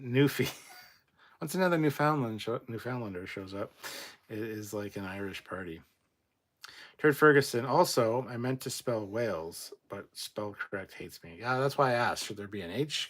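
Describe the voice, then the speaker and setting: A man's voice: mid-range voice, a bit bright. Chatty man reading out livestream chat. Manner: chatty, swearing, reads out viewer comments with asides.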